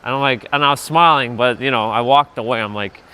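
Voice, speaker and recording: Man rambling on a quiet winter trail. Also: mid-range voice, brisk, clean tone. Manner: loose, profane, chatty, laughs often. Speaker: vlogger livestreaming a walk. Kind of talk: casual rambling storytelling.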